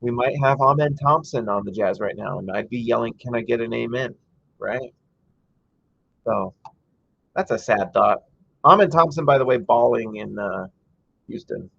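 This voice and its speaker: A man's voice: medium pitch, lively intonation, moderate pace, vocal fry, pauses often, sharp tone, husky, no room sound, lo-fi sound. A man hosting a casual live game-watch stream, chatty and reading viewer comments aloud, breaking into frustrated rants. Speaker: livestream host.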